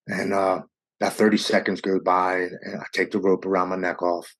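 A man candidly telling a raw personal story in an interview, speeding up and slowing down as the emotion rises. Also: deep voice, flat delivery, a bit bright. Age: adult with young children. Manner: earnest, raw, quickens and slows with emotion. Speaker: guest sharing his recovery story.

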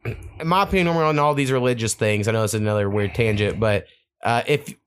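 Fast-talking man. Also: lowish voice, smooth. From Oklahoma. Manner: rambling, profane storytelling. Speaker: podcast host. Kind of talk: casual chat.

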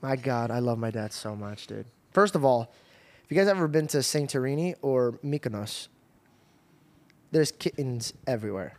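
Animated young man telling a story. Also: medium pitch, moderate pace. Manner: animated, laughs often, restarts. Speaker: podcast host. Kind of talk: casual storytelling chat.

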